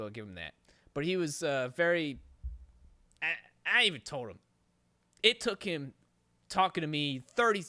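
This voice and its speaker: A man's voice: sits high, smooth, dry recording, studio quality. A young man hosting a podcast, telling a long rambling story with constant swearing and rising frustration. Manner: rambling, heavy swearing, gets worked up and loud. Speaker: podcast host. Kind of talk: casual storytelling.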